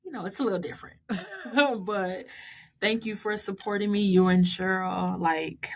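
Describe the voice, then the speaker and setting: A woman in her thirties from the United States, casually and warmly recapping her marathon, laughing often as she dedicates each mile to loved ones. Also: medium pitch, moderate pace.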